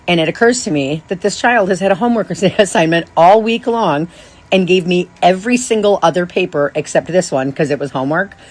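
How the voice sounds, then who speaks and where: Husky-voiced woman telling a rambling story. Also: lowish voice, brisk. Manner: rambling, animated, many restarts and asides. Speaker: podcast host. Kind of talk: casual storytelling monologue.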